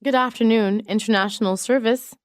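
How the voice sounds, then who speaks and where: A woman reading business English sentences aloud in a measured, clearly enunciated way. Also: a little high, steady tone, no echo, clean studio sound. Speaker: English phrase reader. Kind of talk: slow read-aloud example sentences.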